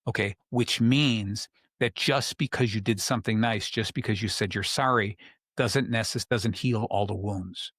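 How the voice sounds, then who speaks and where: A man hosting a podcast, calmly explaining advice and telling a story in a relaxed, conversational way. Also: lowish voice, normal speed, no echo, studio quality. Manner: calm, explanatory, tells stories. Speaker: podcast host. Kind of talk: casual coaching talk.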